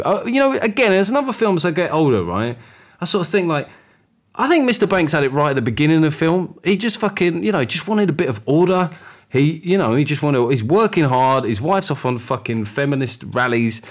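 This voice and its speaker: A middle-aged man hosting a podcast, talking candidly in a sweary, rambling way. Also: medium pitch. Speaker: podcast host. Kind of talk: casual monologue.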